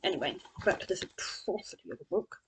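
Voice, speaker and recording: A woman's voice: quick pace, rough recording. A woman gives a chatty, sarcastic spoken review of a book, full of scornful asides.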